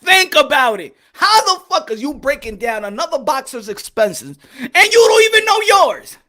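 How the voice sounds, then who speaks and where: A man doing boxing commentary as a loud, profane, animated casual rant, laughing often. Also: very high-pitched, normal speed.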